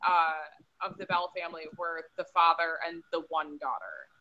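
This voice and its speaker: A woman co-hosting a podcast over a remote call, reacting with excited, apologetic interjections. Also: low voice, moderate pace, dull audio, slight background noise. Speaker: podcast co-host. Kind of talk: casual chat, reacting.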